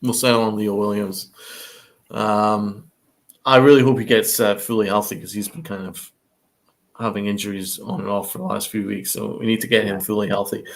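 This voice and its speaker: A man's voice: lowish voice, vocal fry. A young man co-hosting a casual sports post-game show, hesitant, with lots of ums, putting questions to his co-host. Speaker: podcast co-host.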